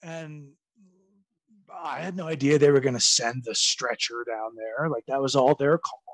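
A man in a casual interview, telling a story loosely, swearing freely and acting out other people's excited exclamations. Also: medium pitch, moderate pace, no room sound. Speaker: podcast guest.

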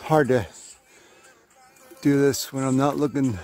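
A man's voice: mid-range voice, fairly even intonation, a little slow, a little mellow, faint music behind. A man chatting to himself in a casual hiking vlog, rambling and joking as he walks a forest trail outdoors. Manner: rambling, joking self-talk. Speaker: vlogger.

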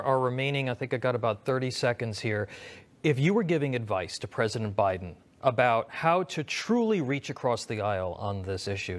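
A male host puts long, winding questions to his guest, restarting his sentences as he goes. His voice sits at an ordinary pitch, and he speaks in a steady news-interview style.

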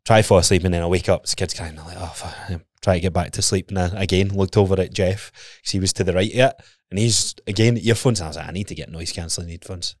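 Lower-pitched Scottish man telling stories. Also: steady tone, fast, no room sound, clean studio sound. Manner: swearing storyteller, chuckling often. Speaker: podcast co-host. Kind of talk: casual chat.

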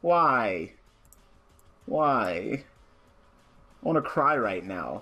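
A man's voice: mid-range voice, very animated, very slow, long pauses. Swearing young man ranting over a card game. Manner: frustrated ranting, heavy swearing, rising to shouts. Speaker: gaming channel host.

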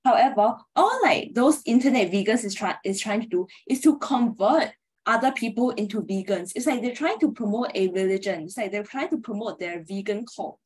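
Breathy young woman student. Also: medium pitch, animated, normal speed, darkish tone. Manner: casual, frequent "like" fillers. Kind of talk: class presentation discussion.

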